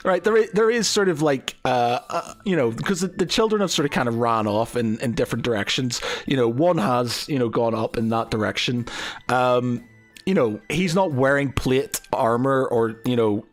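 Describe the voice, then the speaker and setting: A man's voice: medium pitch, moderate pace, faint music behind. A man running a tabletop game as game master, rambling with many fillers and laughing often. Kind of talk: narrating a tabletop game, casual chat.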